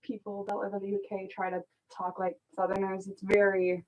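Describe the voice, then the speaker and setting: A young woman chatting in a relaxed way on a student radio talk show. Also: mid-range voice, brisk, poor audio. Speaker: student co-host. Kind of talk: casual chat.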